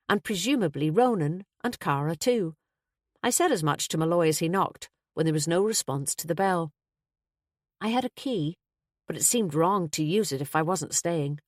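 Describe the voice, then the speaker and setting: Low-voiced woman narrating a mystery. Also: expressive, normal speed, dry recording, clean studio sound. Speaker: audiobook narrator. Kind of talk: first-person mystery narration.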